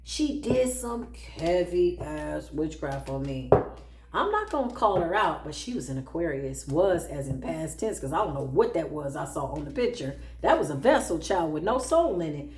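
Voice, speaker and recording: A woman spiritual practitioner telling stories in a casual, sassy, animated way, laughing often and acting out what people said. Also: on the low side, normal speed. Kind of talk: casual storytelling monologue. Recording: roomy echo.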